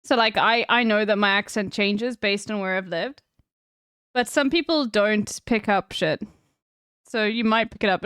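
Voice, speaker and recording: A woman's voice: fairly high pitch, fairly bright tone, smooth, dry recording, studio quality. A woman streamer in casual chat, blunt, teasing and full of swearing.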